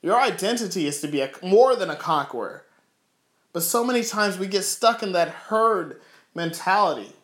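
In a roomy, echoing space, a man with a high, fairly bright voice preaches fervently. He leans on rhetorical questions and emphatic repetition before closing with a prayer.

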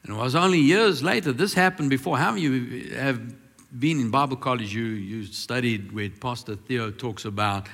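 A male pastor's sermon alternates emphatic, elongated statements with quieter storytelling shared in confidence. He speaks at a medium pitch, and the recording has a big-room sound.

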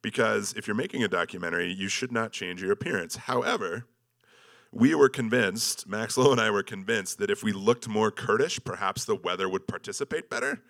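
Presenting slides from an expedition, this man speaks in a deep, gravelly voice with a bright, forceful edge. His intonation is lively and his pace a little fast. The story comes out loose and joking, self-deprecating, and crowded with ums and likes.

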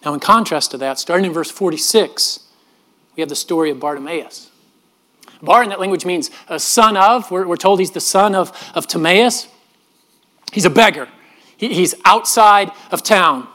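A middle-aged man, a pastor, preaching a sermon in an earnest manner, often dropping his voice softly and repeating words as he goes. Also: high voice, moderate pace. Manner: earnest, with frequent soft drops and repeated words.

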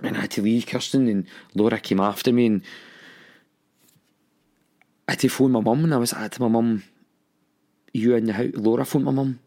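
Scottish guy telling his own story, gravelly voice, keeps stopping and restarting when it gets hard. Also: mid-range voice, steady tone, warm tone. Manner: halting, emotional recounting with restarts. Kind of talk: personal storytelling.

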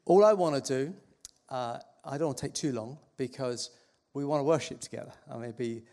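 A man preaching to a congregation in an unhurried, reflective way, often restarting his sentences. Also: medium pitch, mellow. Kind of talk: sermon introduction.

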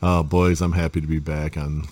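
A man's voice: very deep voice, little pitch movement, normal speed, darkish tone. A man hosting a casual podcast with friends, laid-back and joking as he runs the show. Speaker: podcast host.

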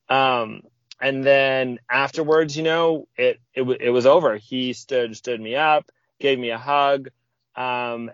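A man of medium pitch tells a personal story in casual conversation. He acts out the lines people said, jumping up in pitch for them. The audio is dull and lo-fi, with a dry, close sound and no room echo. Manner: lively, acts out quoted speech with sudden pitch jumps. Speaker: podcast guest.

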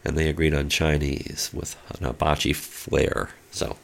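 A man's voice: rumbling low, little pitch movement, a little slow, vocal fry. A middle-aged man telling a long, rambling story in casual chat, with lots of fillers and spoken sound effects.

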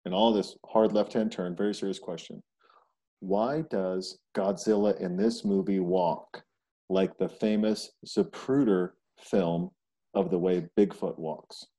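A man's voice: sits low, fairly even intonation, slow, dark tone. A man co-hosting a casual movie chat, laid-back with dry humor. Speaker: podcast co-host.

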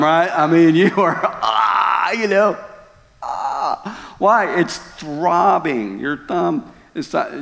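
A male pastor preaching a sermon, telling stories dramatically with loud outbursts and hushed lines. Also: a little high. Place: church sanctuary. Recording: long church hall reverb.

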